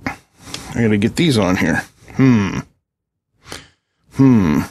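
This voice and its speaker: A man's voice: lowish voice, expressive, extremely slow, a little mellow, a little hiss or hum. A middle-aged man hosting a casual electronics tutorial at his home workbench, joking and chatting with viewers while he solders and tests a board. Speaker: electronics channel host.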